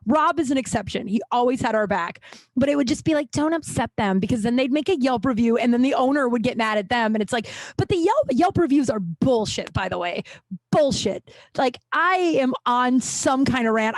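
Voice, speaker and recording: A woman's voice: fairly high pitch, dry recording. A woman in her thirties hosting a podcast, telling casual stories in a profane, ranting way and acting out the people she quotes. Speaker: podcast host. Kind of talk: casual storytelling monologue.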